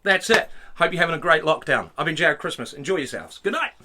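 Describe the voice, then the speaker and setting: A man telling a stand-up story with animated swings between loud outbursts and low mutters. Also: quick pace, background noise. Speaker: stand-up comedian.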